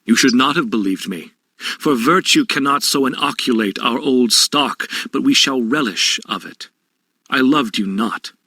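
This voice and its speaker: An actor playing a brooding, self-loathing young prince, delivering classical verse in a declamatory, scornful manner. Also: male voice, medium pitch, a little slow, sharp tone, no room sound. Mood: cold. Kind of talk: classical stage acting.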